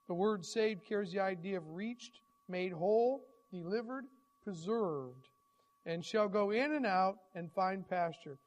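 Hoarse high-voiced man preaching. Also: normal speed, darkish tone, low-quality recording. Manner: folksy, rambling, many restarts and fillers. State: hoarse, clearing throat. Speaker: pastor. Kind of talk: sermon.

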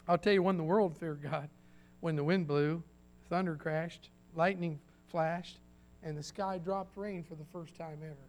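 A man's voice: on the high side, fairly even intonation, a little slow, darkish tone, soft background music. A man preaching a sermon to his congregation, folksy and emphatic, with repeated phrases and asides to the listeners. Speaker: pastor.

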